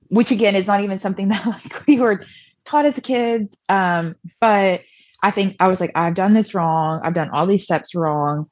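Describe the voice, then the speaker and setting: A woman's voice: on the low side, moderate pace, darkish tone, dry recording, muffled recording. A young woman from the American South, chatty and self-deprecating, telling her personal story as a podcast guest and acting out past conversations.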